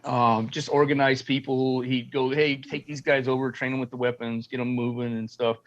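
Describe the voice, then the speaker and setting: A middle-aged former Marine tells his stories loosely and profanely, slipping into voices as he quotes people. His voice sits at an ordinary pitch for a man. The recording sounds dull and lo-fi. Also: moderate pace. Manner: profane, animated storyteller acting out quotes. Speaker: guest, former Marine and film military advisor. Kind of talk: casual storytelling interview.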